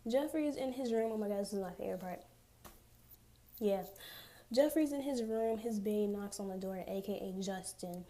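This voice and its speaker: A young woman casually recapping a TV episode, chatty and profane, with sarcastic asides and quick acted-out quotes of the characters. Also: mid-range voice, mellow. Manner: acts out characters' lines in quoted voices. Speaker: TV recap vlogger.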